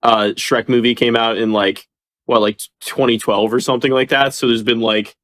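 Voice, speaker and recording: A man's voice: mid-range voice, fairly even intonation, normal speed, a bit bright. A man co-hosting a podcast, rambling through a story in casual chat and laughing often. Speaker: podcast co-host.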